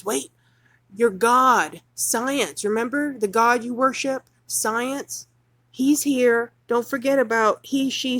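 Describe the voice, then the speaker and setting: A woman's voice: on the high side, no echo. A woman ranting furiously off the cuff on a livestream, reading news excerpts aloud and mocking them. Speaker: livestream host.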